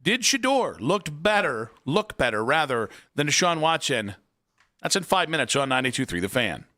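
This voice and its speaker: A man's voice: fairly high pitch, sing-song, moderate pace, sharp tone. A man hosting a sports radio show in a chatty, casual way, with frequent fillers and restarts.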